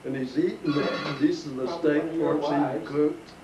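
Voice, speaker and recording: A man's voice: on the high side, steady tone, normal speed, dull audio, a loud crowd. An older man telling a chuckling, folksy story from his life to family. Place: living room with family listening. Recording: roomy home recording, distant mic, faint hiss.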